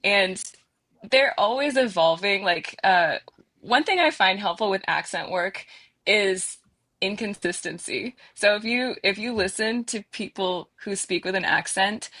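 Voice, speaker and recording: A woman's voice: medium pitch, unhurried, pushed and bright. A woman, a voice actor, explaining things casually and with a joking edge on a panel.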